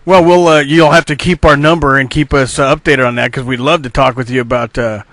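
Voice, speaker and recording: A male interviewer asking questions in a halting way, pausing often with "uh". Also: medium pitch, fairly even intonation, fairly bright tone, dry recording. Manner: halting, fills pauses with "uh".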